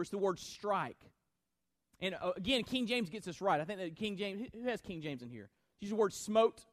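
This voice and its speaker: A man's voice: high-pitched, no room sound. A male pastor preaching a sermon to his congregation, building emphasis and speaking directly to the listeners.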